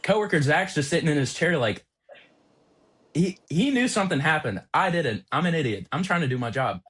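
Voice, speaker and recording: A man's voice: on the high side, a little fast, breathy edge. Young man telling an exasperated story. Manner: animated, exasperated storytelling with voiced reactions. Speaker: podcast co-host, automotive technician. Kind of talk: casual storytelling chat.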